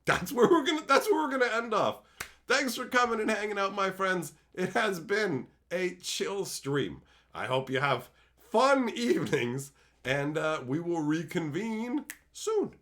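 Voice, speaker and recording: A man's voice: high-pitched, very animated, measured pace, a bit bright. Profane joking male streamer. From Canada. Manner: profane, jokey, laughing storyteller. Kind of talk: casual stream chat storytelling.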